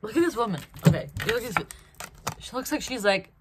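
A woman giving a solo tarot card reading, talking in an animated way with restarts and acted-out reactions. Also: a little high, quick pace, very noisy. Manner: animated, acts out quoted reactions, hesitant restarts. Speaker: tarot reader.

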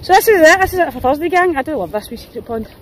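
A woman vlogs on her phone while walking her dogs across a windy, open hillside, chatting casually, poking fun at herself, and laughing a lot. She speaks very fast in a high, lively voice over background noise.

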